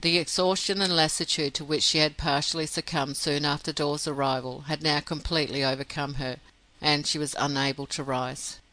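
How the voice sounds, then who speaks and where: A man reads a classic novel aloud in a steady, measured way. His voice is bright and rather high for a man. The recording is dry and close, with no room sound. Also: no echo, poor audio. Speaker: audiobook reader. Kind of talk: audiobook narration.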